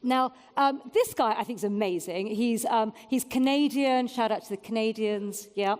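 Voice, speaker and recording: Woman in her 40s talking on stage, blunt and jokey, lots of ums, higher voice, big hall echo. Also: moderate pace, a little mellow. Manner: frank and self-mocking, with frequent fillers. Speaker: keynote speaker. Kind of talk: candid conference talk. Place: event venue before an audience.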